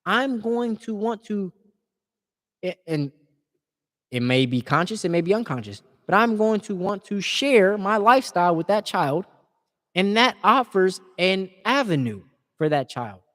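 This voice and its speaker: A man's voice: high voice, very animated, unhurried, a bit bright, in a large hall. A man speaking in an impassioned, informal preaching style, earnest and repeating words as he builds his points.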